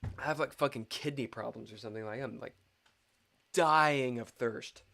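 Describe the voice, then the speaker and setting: A man's voice: mid-range voice, normal speed, vocal fry, sharp tone, slight background noise. A man streaming a live chess game, muttering and swearing in frustration at his own moves, complaining of a dry mouth.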